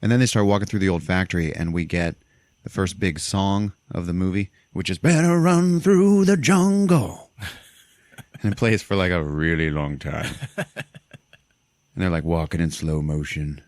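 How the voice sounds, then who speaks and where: A man hosting a podcast, retelling a film scene by scene in a casual, animated way, swearing and laughing often. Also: sits low, unhurried, dry recording. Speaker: podcast host. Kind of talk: casual movie recap chat.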